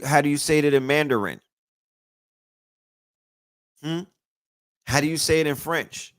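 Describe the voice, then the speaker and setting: A man's voice: a little high, no echo, clean studio sound. A man hosting a show, ranting in a loose, profane, emphatic monologue that is full of restarts. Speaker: podcast host. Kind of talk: casual monologue.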